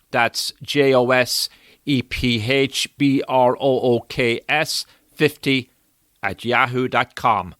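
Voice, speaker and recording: A man hosting a podcast, introducing his guest from a studio in a measured, announcer-like way. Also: mid-range voice, a bit bright, no room sound. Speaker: podcast host. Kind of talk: scripted introduction. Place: recording studio.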